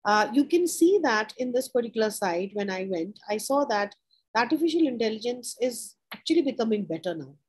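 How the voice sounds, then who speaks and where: A woman teaching an informal lesson, explaining in short repeated phrases, checking in with "right?" and pausing on "uh". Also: a little high, very animated, slightly rough, poor audio. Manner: pauses with frequent "uh". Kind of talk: informal lecture.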